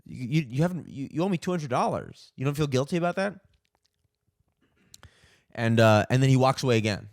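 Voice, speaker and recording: A male comedian hosting his own podcast, delivering a heated, profane rant that keeps tripping over stammered restarts. His voice sits at an ordinary middle pitch. The sound is dry and close, with no room echo. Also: big pitch swings, a little fast, vocal fry, long pauses, darkish tone. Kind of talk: ranting comic monologue.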